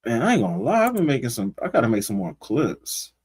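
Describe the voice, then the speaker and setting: A man's voice: medium pitch, wildly swooping pitch, quick pace, darkish tone, slightly rough. A man hosting a casual livestream, reading out viewers' comments and reacting to them in loose, slangy talk aimed straight at his audience. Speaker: livestream host.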